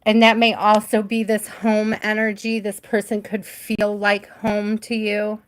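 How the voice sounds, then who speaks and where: A woman's voice: medium pitch, completely flat delivery, unhurried. A woman hosting a live tarot reading stream, chatty and giggly, often trailing off mid-thought.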